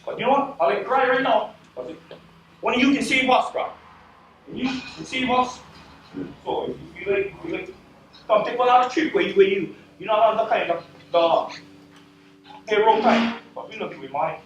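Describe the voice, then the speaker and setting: A man speaking Hawaiian Pidgin gives heated, repetitive testimony in a very high voice. He is recorded from far off in a big echoing hall. Faint noise sits under his words. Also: normal speed, long pauses. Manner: emphatic, repetitive, swearing, addressing officials as "bro". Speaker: community member giving testimony. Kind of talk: impassioned public testimony. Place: community meeting hall.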